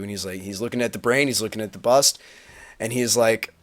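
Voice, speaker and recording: Animated man recapping a tournament. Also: a little fast. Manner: animated, rambling, acts out quotes with big pitch swings. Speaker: Magic player recapping a tournament on a livestream. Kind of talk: casual storytelling to a stream audience. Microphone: webcam mic.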